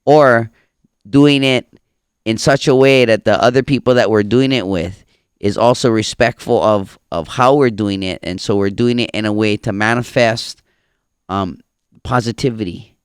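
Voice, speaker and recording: A man with a Hawaiian Pidgin accent hosts a relaxed podcast chat, talking in an easygoing, reflective way. His voice is smooth and resonant, recorded close and dry, with no room around it. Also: on the low side, moderate pace, dry recording. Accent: Hawaiian Pidgin English. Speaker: podcast host. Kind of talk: casual chat. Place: farm.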